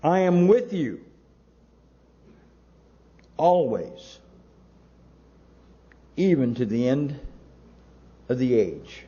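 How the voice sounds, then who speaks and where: Slow, deliberate preaching man. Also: mid-range voice, big pitch swings, warm tone, muffled recording. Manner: slow, emphatic preaching with long pauses between words. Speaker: pastor. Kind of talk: sermon.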